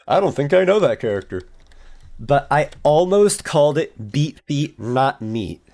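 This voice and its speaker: A man's voice: fairly high pitch, very animated, unhurried, a little mellow. A man streaming a game, chatting casually in a rambling, self-mocking way with playful voice bits. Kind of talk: casual chat while playing a game.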